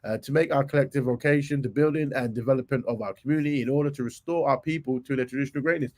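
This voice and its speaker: A man, hoarse from a cold, talks his way through a livestream with an average-pitched voice. He chats loosely, mutters asides and lets his sentences trail off. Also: very fast, darkish tone. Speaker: livestream host. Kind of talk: casual live commentary.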